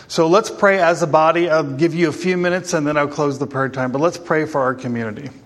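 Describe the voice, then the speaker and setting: A man's voice: fairly high pitch, steady tone, fairly quick. A man preaching a sermon as pastor, joking with the congregation and rousing them with calls for amen. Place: church hall. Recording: long hall reverb.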